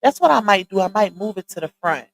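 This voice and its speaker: A woman with a Southern Louisiana accent hosting a live stream, chatting casually and straight to her viewers on a boom-arm mic. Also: expressive, fast talker, poor audio. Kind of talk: casual chat. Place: home streaming setup. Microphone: side-mounted boom arm mic.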